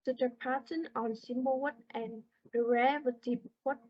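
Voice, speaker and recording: A woman slowly reading a class presentation on word stress, with halting pauses between phrases. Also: high-pitched, fairly even intonation. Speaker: student presenter. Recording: dull lo-fi recording.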